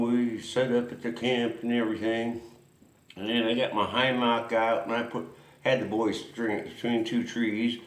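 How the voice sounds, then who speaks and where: A man's voice: mid-range voice, reverberant. A man hosting a racing history show, rambling through a folksy story with lots of chuckles and asides.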